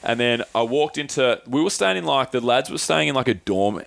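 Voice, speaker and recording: A man's voice: mid-range voice, animated, fairly quick, vocal fry, fairly bright tone, no room sound. A young man co-hosting a podcast, telling a personal story in casual chat, swearing freely and acting out his friends' voices. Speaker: podcast co-host.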